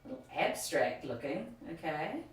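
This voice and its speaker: Excitable woman in a very echoey room. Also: low-pitched, normal speed. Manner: excitable, exclaims and gasps at what she sees. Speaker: ghost hunting co-host. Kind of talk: live ghost hunt chat. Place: old inn, indoors. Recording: echoey room, voice from far off, faint hiss.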